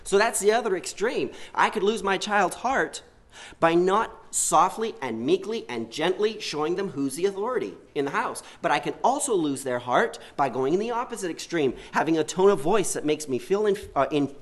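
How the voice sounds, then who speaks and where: A man delivering a sermon, his voice sitting a bit high and swinging widely up and down. He talks earnestly and keeps putting rhetorical questions to his listeners. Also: lively intonation, moderate pace. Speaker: preacher.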